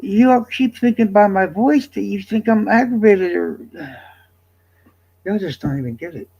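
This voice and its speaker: A man's voice: high voice, a little slow, vocal fry, darkish tone, breathy edge, dull audio. A man streaming live, chatting casually to viewers in a blunt, exasperated, profane way.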